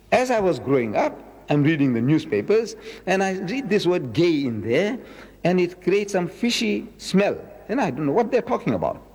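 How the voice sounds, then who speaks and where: A man in his seventies giving a public religious lecture, emphatic, repeating key words and slowing down to quote verses. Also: fairly high pitch, darkish tone, breathy edge, in a large hall. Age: 70s.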